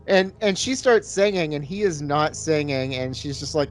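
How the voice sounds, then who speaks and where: A man with a slightly high voice co-hosts a casual podcast chat. He talks in a relaxed, rambling way, and soft music plays faintly behind him. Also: normal speed. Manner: laid-back, rambling description. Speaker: podcast co-host reviewing beer.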